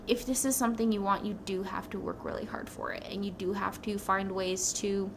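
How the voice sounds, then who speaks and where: Young woman vlogging, rambly and excited, bit of fry in her voice, faint room hum. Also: medium pitch. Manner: rambling, excitable, says "like" often. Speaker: new nurse vlogger. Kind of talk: casual personal story to camera.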